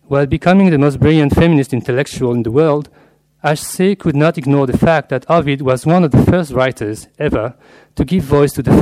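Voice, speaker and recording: Standing at a lectern, a literature scholar reads his lecture from a paper in a steady, medium-pitched voice. He keeps a measured, scholarly tone and slips in occasional Latin and French terms.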